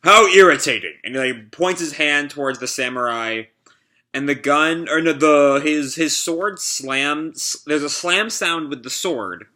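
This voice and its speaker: Young male YouTuber, bright tone, casual live reaction narration. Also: a little high, a little slow. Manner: casual, filler-heavy narration. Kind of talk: live reading and reaction to a manga.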